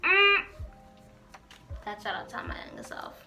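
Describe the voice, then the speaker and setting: A woman's voice: very high voice, sing-song, measured pace, creaky, pushed and bright, faint music behind. A woman vlogger chatting casually through a get-to-know-me Q&A, reading out each question and answering it in a playful, talkative way.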